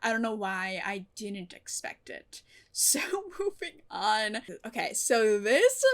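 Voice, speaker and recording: A young adult woman recapping and reviewing a TV episode in casual chat, talking in an animated way, swearing often and breaking into laughter. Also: mid-range voice, takes it slowly. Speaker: TV reaction YouTuber.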